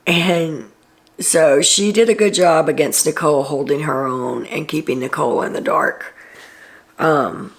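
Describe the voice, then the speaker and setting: A woman with a low voice and a gravelly, creaky texture talks through a casual recap as the show's host. She is chatty and opinionated, with frequent ums and asides. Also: unhurried.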